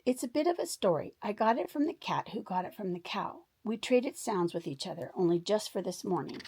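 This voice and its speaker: A woman's voice: mid-range voice, animated, fairly quick, a little mellow, husky. A woman voicing a cheerful, chatty female duck in a storybook read-aloud, with a bubbly, eager delivery. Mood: pleased.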